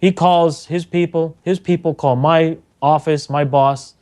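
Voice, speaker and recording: Animated storytelling man, slightly high voice. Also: unhurried. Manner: animated storyteller, acts out quotes, laughs often. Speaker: radio engineer guest. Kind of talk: telling anecdotes on a talk show.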